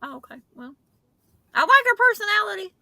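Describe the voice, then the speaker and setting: A woman's voice: very high voice, big pitch swings, fairly quick, gravelly, bright, forceful tone. A woman from southeast Georgia with a Southern accent, joking in a folksy way during a casual chat.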